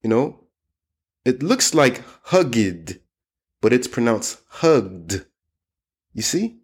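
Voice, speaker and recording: A man teaching English in a loose, chatty way, slowing down to model how word endings sound. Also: medium pitch, sing-song. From United States. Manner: loose and chatty, lots of "you know" and "like". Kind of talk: casual spoken lesson.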